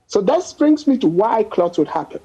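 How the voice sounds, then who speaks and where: A man's voice: high voice, sing-song, moderate pace, dark tone, husky, lo-fi sound. A man, a doctor guest on a news panel, arguing his point emphatically with statistics and everyday examples. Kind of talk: panel discussion on a news show.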